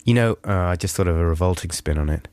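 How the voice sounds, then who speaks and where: A man's voice: low-pitched, quick pace, a little mellow, no echo. A man co-hosting a radio show in casual banter, giggly and playful, stuffy with a cold, in a radio studio. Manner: giggly, playful, easily cracking up. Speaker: radio co-host.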